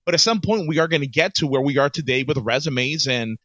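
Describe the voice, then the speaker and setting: A man co-hosting a casual podcast chat as an HR professional, animated and repeating his words as he starts each thought. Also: a little high, brisk, dry recording. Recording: dull, slightly lo-fi dry sound.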